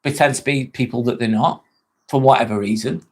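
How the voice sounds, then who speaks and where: A man's voice: mid-range voice, steady tone, fairly quick, breathy edge. Chatty English man hosting a live stream. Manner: chatty, swears casually, laughs often. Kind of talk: casual live chat reading comments.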